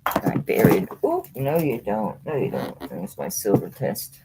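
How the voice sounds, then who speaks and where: Woman with a very low voice and an animated, bouncy delivery, rambling chatty live-sale host. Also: a little slow, vocal fry, very noisy. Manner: rambling, chatty, thinks aloud, laughs often, talks to viewers by name. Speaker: online jewelry seller hosting a live sale. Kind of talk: casual live-stream selling chat.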